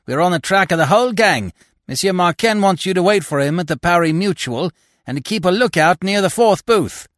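A man voicing a hurried male messenger who speaks urgently. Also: high-pitched, animated, fairly bright tone, no room sound, studio quality, voice pushed up.

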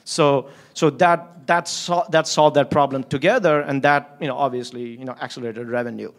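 A man at a middle pitch talking shop in a casual interview. He is blunt and unfiltered, swears freely, and trips over his own restarts as he rushes into the next story. Little chuckles keep breaking through. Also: steady tone. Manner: candid, profane, rambling with many restarts. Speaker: company founder and CEO.

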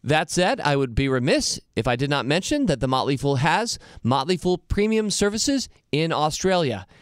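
A man's voice: fairly high pitch, big pitch swings, moderate pace, no echo, clean studio sound. A man hosting an investing podcast, answering listener mail in an upbeat, earnest way. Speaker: podcast host.

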